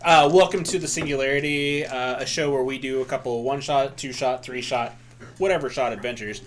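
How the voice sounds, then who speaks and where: A man's voice: medium pitch, fairly even intonation, brisk. Joking man running a tabletop game. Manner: joking, loose, stumbles over words. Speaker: dungeon master. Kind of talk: casual stream banter.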